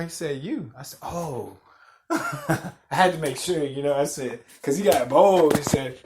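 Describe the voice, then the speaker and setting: Young male podcaster, slightly high voice, animated profane storyteller who acts out every quote; faint background hiss. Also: measured pace. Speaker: podcast host. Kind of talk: casual storytelling rant.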